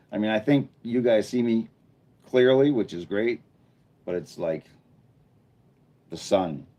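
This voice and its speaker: A man hosting a casual live stream from an indoor room lit by a bright studio light, chatting and thinking aloud as he reads viewer comments. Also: lowish voice, animated, slow pace, lo-fi sound. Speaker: livestreamer.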